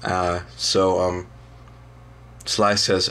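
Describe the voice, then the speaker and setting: A young man, a student, casually retelling a story in a halting way, full of ums and restarts. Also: low voice, level tone, a bit bright. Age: young adult.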